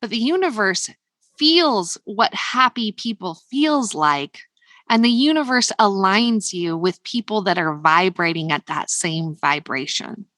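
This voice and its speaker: A woman's voice: medium pitch, animated, measured pace, a bit bright, no room sound. An American woman hosting a motivational podcast, upbeat and emphatic, repeating phrases for stress. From United States. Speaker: podcast host.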